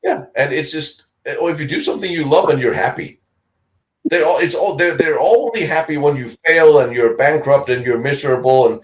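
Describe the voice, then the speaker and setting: A middle-aged Danish man co-hosts a casual live-stream chat, his voice on the high side and fairly quick, captured in low-quality audio. He's a chatty storyteller who laughs a lot and imitates other people's voices.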